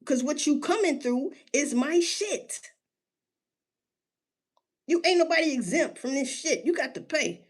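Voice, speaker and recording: Animated, swearing woman ranting casually. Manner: animated, profane, street slang, rhetorical questions to listeners; drawn-out emphasis on words, sudden pitch jumps. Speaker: solo commentator. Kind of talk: casual rant.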